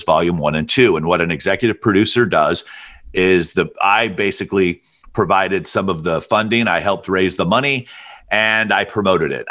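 A middle-aged man from Alabama with a very deep, rich voice that sounds made for radio. He is a guest in an interview, telling long stories in an easy, relaxed way. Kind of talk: storytelling interview.

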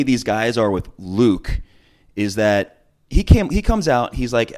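A man's voice: mid-range voice, big pitch swings, moderate pace, a little mellow. A man talking casually, recapping a reality dating show with chatty, opinionated asides and frequent ums. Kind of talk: casual chat.

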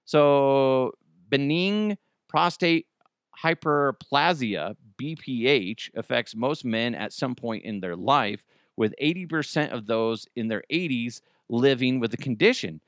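A man's voice: mid-range voice, slow pace, dry recording, studio quality. A man hosting a comedy news podcast, talking in a casual joking way with sudden swearing outbursts, at home. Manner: animated, swears, jokey outbursts. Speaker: podcast host.

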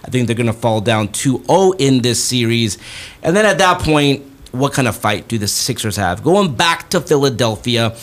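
A man's voice: mid-range voice, moderate pace. A man hosting a sports podcast in a chatty style, often stopping to correct himself. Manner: chatty, self-correcting, animated. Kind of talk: casual sports talk.

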